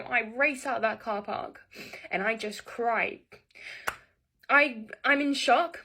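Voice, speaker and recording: A woman's voice: high voice, sharp tone, breathy edge. A young woman telling a personal story in an agitated, angry way, swearing often. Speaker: vlogger recounting an assault. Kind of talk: emotional personal story to camera.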